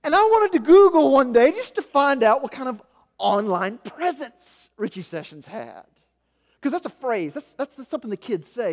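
A man in his forties from Arkansas, preaching a sermon with self-mocking stories, shifting from quiet asides to loud emphasis. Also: very high voice, very animated, normal speed. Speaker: pastor. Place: church sanctuary. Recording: echoey hall.

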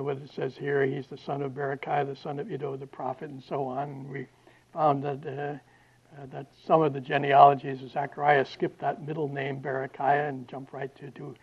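Halting man lecturing, dull lo-fi recording. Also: on the high side. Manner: halting, many fillers and restarts. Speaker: Bible lecturer. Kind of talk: classroom lecture.

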